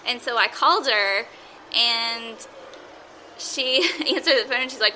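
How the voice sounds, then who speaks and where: A woman hosting a casual roundtable chat, telling stories in an animated way with quick laughs. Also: a little high, slight background noise, low-quality recording. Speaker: podcast host.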